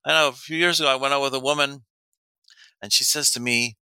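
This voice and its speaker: A middle-aged man who gives men dating advice tells animated stories at a quick pace, voicing the dialogue he quotes and laughing often along the way. His medium-pitched voice sounds clear and resonant, free of echo.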